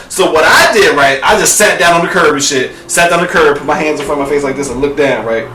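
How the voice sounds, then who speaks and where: A young man telling a profane, dramatic story to his camera, calling his viewers "girl" and breaking into shouts at the high points. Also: fast talker, few pauses, recorded from a distance, a crowd in the background. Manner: bursts into shouting at peaks. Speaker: vlogger. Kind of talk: animated storytelling rant. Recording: echoey room, off the mic.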